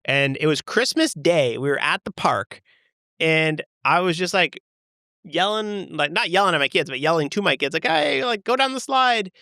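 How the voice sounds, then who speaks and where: A man, chatting casually as a podcast co-host in a loud voice that carries. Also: fairly high pitch, moderate pace, no room sound, studio quality. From Canada. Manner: loud, carrying voice. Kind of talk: casual chat.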